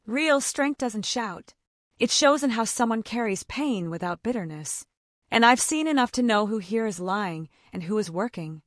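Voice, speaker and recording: A woman voicing a calm, protective male executive who speaks firmly and in a measured way. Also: on the high side, no room sound, studio quality, natural voice. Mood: stern. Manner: firm, cool and measured.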